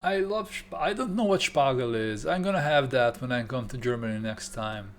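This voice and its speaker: A man with a mid-range, animated voice chats with viewers at a moderate pace while livestreaming from his home setup. He jokes around playfully and throws in mock German phrases.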